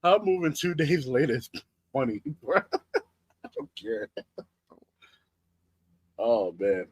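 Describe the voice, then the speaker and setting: A man's voice: medium pitch, sing-song, takes it slowly, slightly rough, no echo. A man co-hosting a sports podcast, reacting with amused laughter in casual chat. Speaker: podcast co-host.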